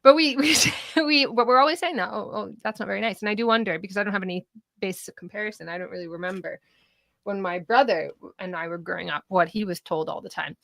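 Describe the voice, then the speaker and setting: Bright-voiced woman, animated co-host. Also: mid-range voice, fast talker, dry recording. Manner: animated, laughs often, swears. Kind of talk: casual political chat.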